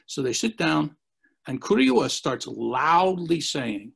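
A man's voice: fairly high pitch, expressive, moderate pace, vocal fry, breathy edge. A man as an interview guest, telling long rambling anecdotes and acting out the quotes. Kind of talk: storytelling in a podcast interview.

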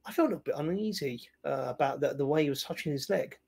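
A man with a fairly high voice talks through a film in loose, casual chat. He hesitates often, trailing off into fillers and restarting his sentences. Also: lively intonation, quick pace, gravelly, darkish tone. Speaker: film review podcast co-host.

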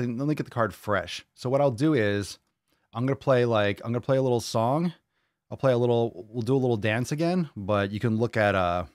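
A man's voice: mid-range voice, no echo, clean studio sound. A man hosting a podcast, chatting casually in a joking, rambling way that often breaks off mid-sentence. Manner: joking, chatty, self-interrupting. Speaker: podcast host.

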